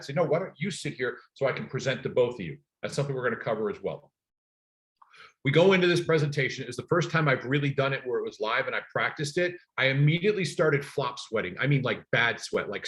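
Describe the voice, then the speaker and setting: A middle-aged man teaching a class for real estate agents, talking emphatically and telling stories from his own work. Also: mid-range voice. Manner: energetic, emphatic coaching with personal stories.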